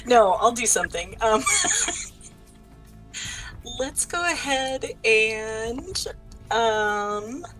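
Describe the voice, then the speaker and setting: A woman's voice: on the high side, animated, extremely slow, pauses often, a bit bright, soft background music, rough recording. Playful woman player at a game table. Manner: playful, jokey, bursts into mock screams.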